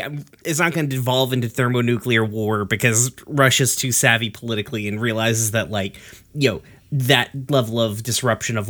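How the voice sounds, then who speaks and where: A man's voice: medium pitch, sharp tone. Profane ranting man. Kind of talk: casual podcast chat.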